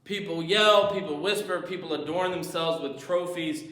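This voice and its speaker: A man's voice: fairly high pitch, normal speed, bright, forceful tone. Man preaching in an echoey church. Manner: storytelling, acting out movie scenes. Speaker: pastor. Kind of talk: sermon. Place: church sanctuary.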